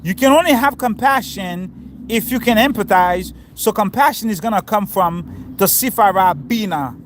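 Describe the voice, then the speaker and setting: High-voiced man teaching scripture casually. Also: moderate pace, slight background noise. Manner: informal, quizzes listeners and explains terms. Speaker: spiritual teacher. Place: outdoors, sitting on grass in the wind.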